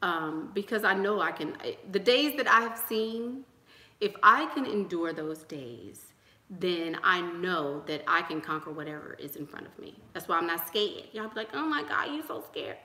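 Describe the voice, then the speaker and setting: A young woman delivers a motivational sermon to her online audience, pressing each point home with repeated lines. Her voice is bright and forward, and it rings in an echoey room. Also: fairly low pitch, expressive, normal speed. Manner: preachy and emphatic, with repeated rallying lines. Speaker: YouTube channel host. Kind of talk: motivational sermon-style talk to viewers.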